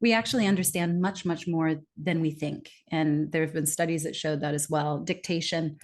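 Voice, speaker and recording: Lively woman explaining in an interview. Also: low-pitched, normal speed. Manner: lively, acts out quoted remarks with laughs. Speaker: guest speaker on communication.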